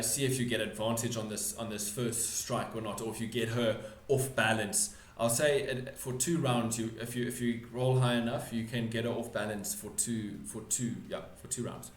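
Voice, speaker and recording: A man's voice: mid-range voice, fairly even intonation. A man narrates a tabletop battle as game master. He stumbles, restarts and corrects himself as he goes. His voice carries the echo of a bare room. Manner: halting, full of restarts and self-corrections.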